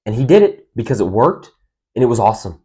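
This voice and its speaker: A man's voice: on the low side, fast talker, warm tone, slightly rough. Emphatic man previewing football games. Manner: emphatic, repeats key lines for effect. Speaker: podcast host. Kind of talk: solo sports preview commentary.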